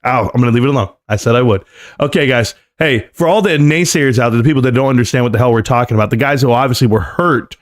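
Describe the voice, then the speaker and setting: A man hosting a live stream, ranting in a combative, sarcastic and mocking way. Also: medium pitch.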